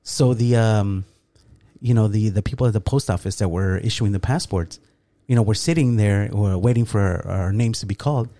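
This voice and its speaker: Middle-aged man, lively co-host storyteller, warm low-bright tone, casual podcast. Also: moderate pace. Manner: animated, acts out quoted dialogue, laughs often.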